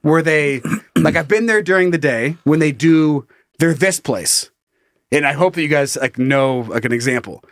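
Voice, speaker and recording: A man's voice: fairly high pitch, normal speed, no room sound, clean studio sound. A man co-hosting a comedy podcast, telling a story with lots of laughter, swearing and acted-out voices. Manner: animated storyteller, acts out voices and shouts, laughs a lot, swears freely. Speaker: podcast co-host. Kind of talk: casual comedic chat.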